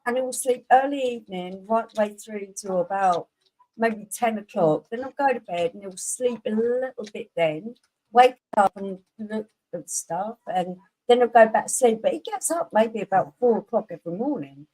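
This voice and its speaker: Woman, mellow tone, earnest chatty co-host. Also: medium pitch, expressive, normal speed, rough recording. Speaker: live stream co-host. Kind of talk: casual chat.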